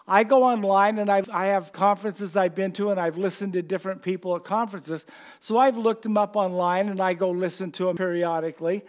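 A man preaching a conversational sermon, repeating phrases over and over for emphasis. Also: high-pitched.

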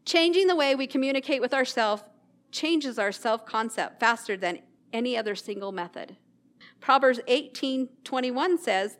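A woman's voice: on the high side, a bit bright. Earnest woman giving a devotional talk. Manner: earnest, reads scripture slowly, self-deprecating asides. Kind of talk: casual Christian devotional talk.

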